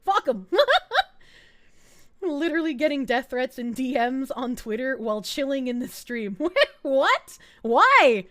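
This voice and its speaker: Excitable, high-voiced young woman streamer. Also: normal speed, long pauses. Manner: crude, excitable, laughs often. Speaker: VTuber streamer. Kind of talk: casual reaction stream commentary.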